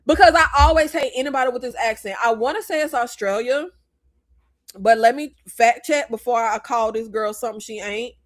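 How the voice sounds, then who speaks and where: An American woman hosting a casual movie review chat, blunt and animated, with rambling asides. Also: a little high, a little fast. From United States. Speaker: host.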